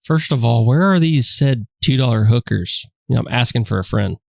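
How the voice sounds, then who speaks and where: A man's voice: mid-range voice, expressive, brisk, gravelly, darkish tone, no echo, clean studio sound. A man co-hosting a sports podcast, chatting casually in a laid-back, joking, slangy way. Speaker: podcast co-host.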